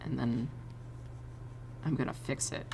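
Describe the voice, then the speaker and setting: A woman streamer chatting casually while she draws, excitable, laughing often and swearing freely. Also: extremely low pitch, measured pace, creaky, noisy background. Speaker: streamer and artist.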